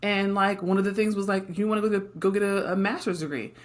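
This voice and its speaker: A middle-aged woman co-hosts a casual podcast conversation. She speaks frankly and with emphasis, and keeps turning to her partner with quick tag questions. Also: mid-range voice, steady tone. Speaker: podcast co-host.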